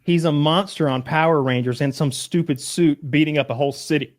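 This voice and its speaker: A man co-hosting a podcast in casual chat, rambling through stories and acting out quotes in loud voices. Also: on the high side, fairly even intonation, brisk, no echo, clean studio sound. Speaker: podcast co-host.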